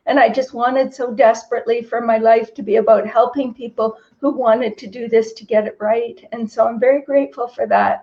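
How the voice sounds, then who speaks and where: A woman's voice: a little high, mellow. A middle-aged woman from Canada, a registered dietitian and author, speaking earnestly and reflectively as a guest in a video-call interview. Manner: earnest, reflective, moved to tears at moments. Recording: slightly dull lo-fi audio.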